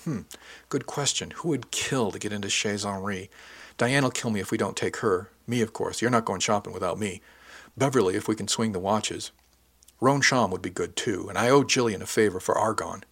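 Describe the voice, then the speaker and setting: A man's voice: fairly low pitch, fairly bright tone, husky. A man reading as a teasing, bossy young woman officer. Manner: playful, teasing, brisk. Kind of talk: audiobook dialogue reading.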